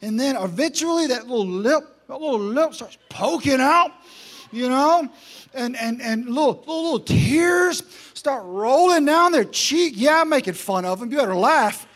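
High-voiced man preaching with jokes. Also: normal speed. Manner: energetic, joking, repetitive emphasis. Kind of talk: sermon storytelling.

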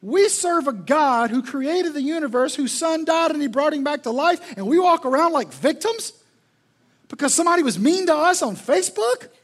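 A man's voice: extremely high pitch, very animated, moderate pace. A male pastor preaching a sermon in an emphatic, repetitive, rhetorical style.

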